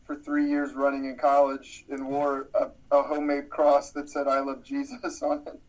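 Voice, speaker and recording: Deadpan riffing podcast co-host man. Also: medium pitch, moderate pace, rough recording. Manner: deadpan absurd riffs, says "man" a lot. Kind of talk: casual comedic banter.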